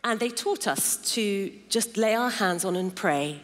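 A middle-aged woman delivers an emphatic sermon, stacking phrase upon phrase. Her voice sits at an ordinary pitch for a woman. The sound carries the long reverb of a large church hall. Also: animated, unhurried, hardly any pauses. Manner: emphatic, builds lists of intensifying phrases. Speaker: preacher.

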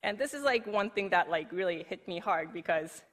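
A woman's voice: on the low side, expressive, moderate pace. A woman giving a conference presentation in a chatty, casual way, filling her sentences with "like" and laughing easily. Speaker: conference speaker. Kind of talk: recorded presentation talk.

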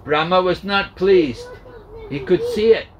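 A man's voice: sits high, a little slow, slight background noise, poor audio. A man, a swami, telling a sacred story at a home gathering in a patient, repetitive way. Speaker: swami, spiritual teacher. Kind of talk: storytelling sermon.

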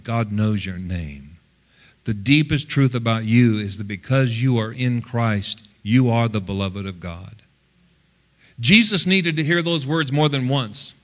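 A male pastor preaching a sermon, swinging between loud, quick passages and hushed, slow ones. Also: mid-range voice.

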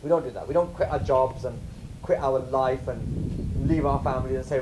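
A man from the UK giving an informal lecture to a camp audience, animated and questioning, mixing Punjabi phrases into English. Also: medium pitch, moderate pace, pauses often, noisy background. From United Kingdom.

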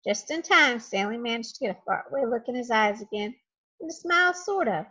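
A woman reading a children's chapter book aloud in an expressive, dramatic way. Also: on the high side, a little fast, husky. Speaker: storybook reader. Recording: dull lo-fi home recording.

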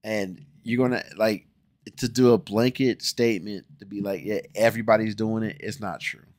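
A forty-year-old man from Ohio with an American accent, hosting a casual video where he reacts to a music video, jumping between loud exclamations and muttered asides. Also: lowish voice, fairly even intonation, moderate pace, no room sound, clean studio sound. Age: 40s.

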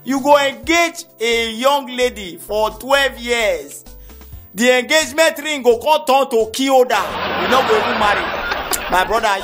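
High-voiced nigerian comedian going off in pidgin, shouts his punchlines, music under it. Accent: Nigerian Pidgin English. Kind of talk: stand-up comedy routine.

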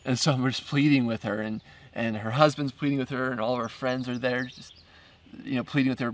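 A man telling a first-person story as the filmmaker of his documentary, halting and repeating words, with small laughs between phrases. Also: medium pitch, fairly even intonation, far from the mic.

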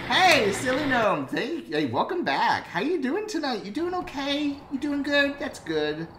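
A woman's voice: high voice, big pitch swings, a little slow. A woman streamer chatting and joking with viewers while playing a co-op game. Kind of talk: casual gameplay chat. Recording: roomy echo with clear background noise.

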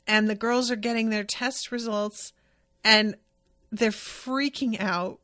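A woman's voice: medium pitch, fairly bright tone, no echo, clean studio sound. A woman hosting a podcast, recapping a TV episode in casual chat with plenty of enthusiasm and swearing, and reading out listener comments. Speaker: podcast host.

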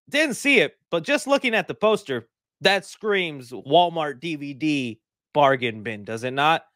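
A man's voice: medium pitch, a bit bright, no echo, clean studio sound. A man who reviews movies, giving casual reaction commentary with rambling, jokey asides.

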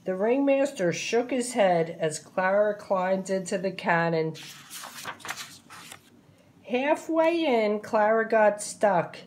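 A woman reading a children's picture book aloud in a slow, deliberate voice. Her narration is clear and expressive, pitched in an ordinary middle range. She takes her time over each sentence, as if for young listeners. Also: slight background noise.

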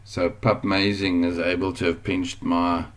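A man's voice: sits low, flat delivery, measured pace, slight background noise. A man teaching an online business lesson at home, chatting casually while sharing his screen, digressing often and easily amused. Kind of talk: casual screen-share tutorial.

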